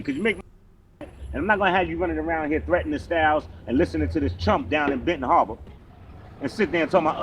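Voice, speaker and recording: A man delivering a confrontational, taunting video rant in a loud, mocking way. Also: on the high side, lively intonation, quick pace, background noise. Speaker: online commentator in a played clip.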